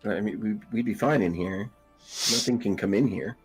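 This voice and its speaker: A man's voice: on the low side, moderate pace, husky, faint music behind. A man playing a tabletop game, joking and playful as he talks over his moves. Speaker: player. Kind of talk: casual tabletop game chat.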